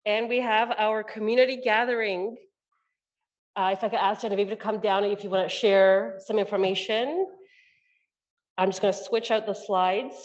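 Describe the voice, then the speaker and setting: A woman moderating a symposium, briskly announcing the next session. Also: mid-range voice, steady tone, dull audio. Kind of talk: event announcements.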